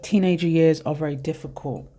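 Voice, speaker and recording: A reader in their thirties talks through tarot cards in a loose, heartfelt way, often drifting off topic. The voice is soft and mellow, never bright. Their pitch sits in an ordinary middle range. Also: brisk, soft background music. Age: 30s. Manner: rambling, heartfelt, speaks straight to viewers. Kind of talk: casual tarot reading for viewers.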